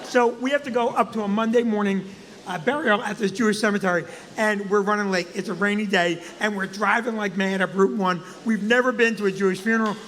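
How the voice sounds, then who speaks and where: A man, a comedian and co-host, telling a funny story in an animated, profane way. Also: high-pitched, brisk, long reverb tail. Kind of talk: comic storytelling.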